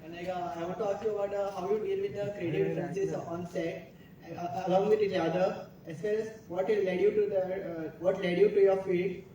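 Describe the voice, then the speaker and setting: A man with an Indian accent in the audience, asking a question haltingly and repeating it. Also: sits high, little pitch movement, a crowd in the background. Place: large festival hall. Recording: echoey hall, picked up from far off.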